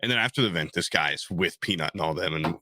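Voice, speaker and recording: A man's voice: low voice, quick pace, bright, forceful tone, no room sound. A man co-hosting a podcast, telling a rambling story in casual chat, often restarting and acting out what people said. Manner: rambling, self-interrupting, acts out quotes in raised voices. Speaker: podcast co-host.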